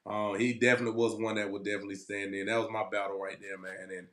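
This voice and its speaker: A man who is a guest on a casual talk show, reminiscing in an easygoing way and often trailing off quietly. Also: on the low side, flat delivery, fast talker. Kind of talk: casual chat. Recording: roomy echo.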